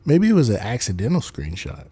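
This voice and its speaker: A man hosts a call-in livestream in a mellow, slightly husky voice, his pitch swinging widely as he jokes and curses. The sound is close and dry, with no room around it. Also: brisk, dry recording. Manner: profane, joking, animated. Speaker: livestream host. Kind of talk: casual call-in stream chat.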